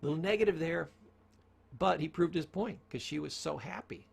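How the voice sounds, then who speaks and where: A man gives a motivational talk about communication, telling stories, asking rhetorical questions, and shifting his tone for emphasis. His gravelly, husky voice sits on the high side at a moderate pace.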